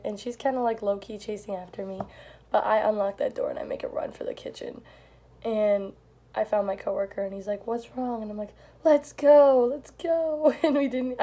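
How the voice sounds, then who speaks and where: A woman's voice: medium pitch, mellow, slight background noise. A young woman telling a story in a casual vlog, chatty and full of "like", swearing now and then. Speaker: vlogger.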